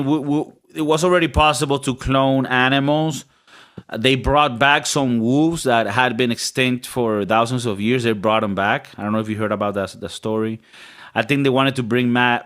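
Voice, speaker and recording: A man's voice: mid-range voice, steady tone, moderate pace, a bit bright. A man co-hosting a podcast in casual chat, rambling and joking with frequent restarts. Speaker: podcast co-host.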